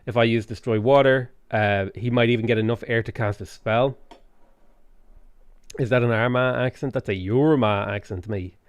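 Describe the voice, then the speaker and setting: A man's voice: medium pitch, normal speed, clean tone, dry recording. A man casually chatting on a livestream while gaming, rambling and swearing freely, with jokey asides to chat. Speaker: streamer.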